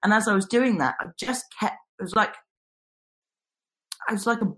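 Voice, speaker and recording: A young female guest with a medium-pitched voice tells a personal story at a moderate pace. She's animated and acts out what people said.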